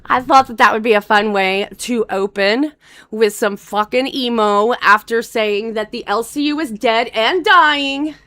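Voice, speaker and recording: A middle-aged woman hosting a casual livestream chat, laughing often and slipping into mock-gloomy deadpan asides. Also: fairly high pitch, measured pace. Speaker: livestream host.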